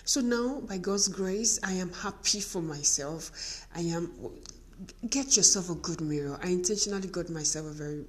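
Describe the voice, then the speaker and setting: A woman's voice: on the low side, normal speed. A middle-aged woman with a Nigerian accent gives a motivational talk to women as a podcast host, telling stories and acting out bits of dialogue. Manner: animated storytelling, acting out dialogue.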